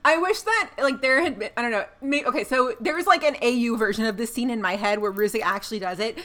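A woman co-hosting a casual podcast chat, recapping a TV episode with animated storytelling. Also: on the high side, fast, a crowd in the background. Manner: animated storytelling, laughs while acting out scenes. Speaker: podcast co-host.

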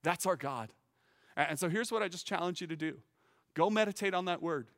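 A man preaching a sermon in an earnest, emphatic way, often repeating words as he starts a phrase. His voice sits a little high for a man. A long hall reverb trails behind him. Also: fairly quick, a bit bright. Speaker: teaching pastor.

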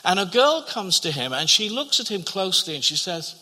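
Bright-voiced male preacher in a reverberant hall. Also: high voice, very animated, fairly quick. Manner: storytelling, repeats words, drops to a hush at tender moments. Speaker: pastor. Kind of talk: sermon.

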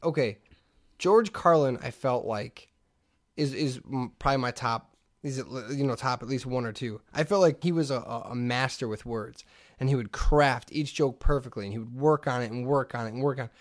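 A man's voice: mid-range voice, normal speed. A man co-hosting a casual comedy podcast, ranting animatedly and slipping into mocking voices. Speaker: podcast co-host.

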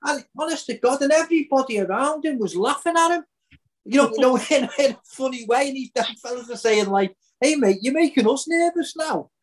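An older man with a Liverpool accent hosts a football podcast. He tells a long anecdote in a lively, conversational way. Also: extremely high pitch, brisk. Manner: animated storyteller. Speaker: podcast host. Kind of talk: casual chat, storytelling.

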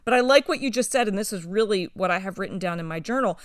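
A woman co-hosting a Bible study discussion, talking with enthusiasm and growing animated as she retells scripture. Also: mid-range voice, fast talker, no echo, clean studio sound.

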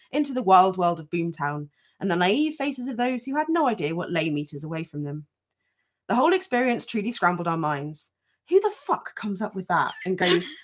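A woman co-hosting a podcast, reading a listener's story aloud with frequent laughter and casual swearing, then chatting. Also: mid-range voice. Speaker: podcast co-host.

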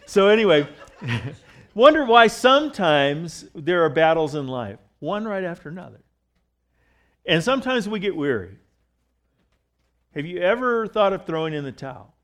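A man's voice: high-pitched, very animated, moderate pace, pauses often, a bit bright. A middle-aged man preaching a sermon in a church in a loose, conversational way, telling jokes and stories with frequent restarts. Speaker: pastor.

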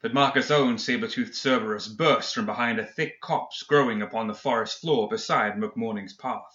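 Male audiobook narrator, steady storytelling, echoey room. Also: mid-range voice, moderate pace, highs cut off. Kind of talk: scripted narration.

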